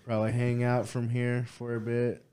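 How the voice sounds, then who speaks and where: A man hosts a relaxed podcast conversation in an ordinary voice of middle pitch. He talks in a laid-back, halting way with offhand swearing. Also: clean tone. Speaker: podcast host. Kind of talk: casual podcast chat.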